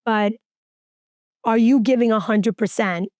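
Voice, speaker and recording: A woman's voice: on the high side, unhurried, darkish tone, dry recording, highs cut off. A woman hosting a podcast, speaking in a casual chat, making her points emphatically and building her argument step by step. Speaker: podcast host.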